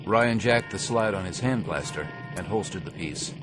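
A man giving a steady, measured scripted audiobook narration. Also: sits low, music in the background.

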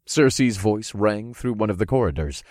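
A man narrating an audiobook in the first person, telling the story in a relaxed, smooth way. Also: fairly low pitch, normal speed, dry recording, studio quality.

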